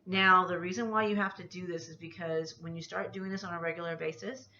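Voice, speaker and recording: Woman anxiety coach, casual rambling vlog, bright tense tone, dull lo-fi sound. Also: on the low side, steady tone, fairly quick, a little hiss or hum. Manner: rambling, talks herself through feelings.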